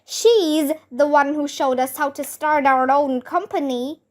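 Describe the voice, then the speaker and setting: A woman voicing a cheeky, excitable schoolboy in a storybook reading. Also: high-pitched, unhurried. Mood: excited.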